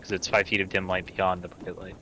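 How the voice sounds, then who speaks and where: Bright-voiced man explaining rules. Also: low-pitched, level tone, a little fast, poor audio. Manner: explains rules, thinks aloud. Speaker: player. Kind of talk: casual tabletop game chat.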